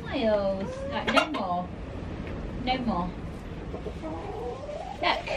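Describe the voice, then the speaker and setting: Lively, chatty mum vlogging from home. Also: female voice, very slow, long pauses. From southern England. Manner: chatty, talks to pets and kids in a high cooing voice. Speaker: family vlogger. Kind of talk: casual vlog chat. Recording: loud background noise.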